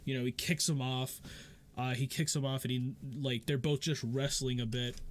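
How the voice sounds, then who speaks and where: A man's voice: medium pitch, steady tone, normal speed. A man narrating as game master of a tabletop game, rambling with many fillers.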